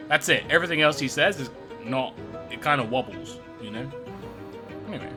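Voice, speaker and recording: A man's voice: mid-range voice, moderate pace. A young British man chatting casually as he streams a game, laughing between comments. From Britain. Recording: clear game music behind.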